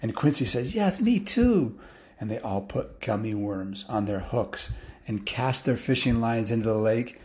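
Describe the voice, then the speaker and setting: A man telling a story in a loose, casual way, with restarts and fillers, picking up excitement as the action builds. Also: fairly low pitch, moderate pace.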